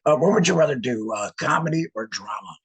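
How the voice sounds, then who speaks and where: Very raspy, gravelly-voiced host. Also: male voice, a little high, expressive, brisk, low-quality recording. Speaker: podcast host. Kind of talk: casual interview chat.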